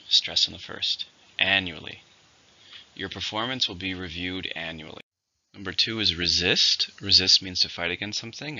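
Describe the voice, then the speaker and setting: Guy teaching english vocab, slows down to stress syllables, dull muffled recording. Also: low voice, gravelly, sharp tone. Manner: slows down and stresses syllables when modelling words. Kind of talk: vocabulary lesson.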